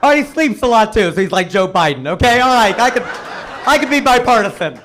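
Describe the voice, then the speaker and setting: High-voiced man doing stand-up comedy. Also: fairly quick, slight background noise. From Cincinnati, United States. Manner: animated, punchy joke delivery with rhetorical questions. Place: live comedy stage before an audience.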